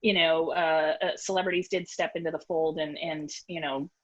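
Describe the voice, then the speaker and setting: A woman researcher with a Boston accent on an online panel, explaining briskly with self-deprecating asides. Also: low voice, steady tone, dull audio. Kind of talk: academic panel discussion.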